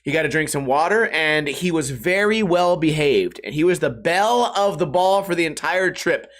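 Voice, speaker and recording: Male podcast host, middle-aged, slightly high voice; loose, profane, jokey solo storytelling with voiced-out quotes. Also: animated, moderate pace, a bit bright. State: hungover and stiff.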